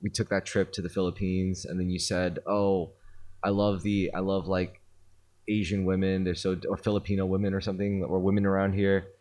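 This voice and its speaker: Kinda low-voiced guy rambling through a story on a podcast, lots of "like", swears casually. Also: level tone, fairly quick, mellow. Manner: rambling, filler-heavy retelling with swearing. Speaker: podcast host. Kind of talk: casual chat.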